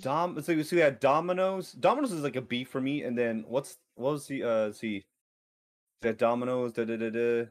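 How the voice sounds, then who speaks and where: A man's voice: medium pitch, brisk. A man co-hosting a podcast, telling a rambling story full of swearing and restarts in casual chat. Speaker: podcast co-host.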